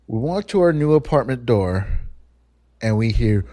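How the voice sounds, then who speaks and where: His voice is dark and mellow at medium pitch and normal speed as he spins a meandering, profane story, loose and lively. The podcast mic captures him close-up and dry, with no room sound.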